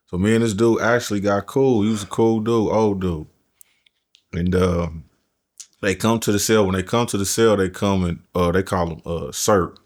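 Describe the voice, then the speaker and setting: Give me a man with a fairly low voice, casually telling a rough prison story full of cursing. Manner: profane, animated street-talk storytelling. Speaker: podcast guest, formerly incarcerated.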